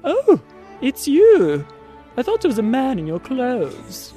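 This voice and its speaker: A man putting on a haughty elderly aristocratic dowager with an upper-class British accent, withering and shrill. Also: huge pitch swings, slow, warm tone, faint music behind, exaggerated voice. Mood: withering disdain. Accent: put-on upper-class British.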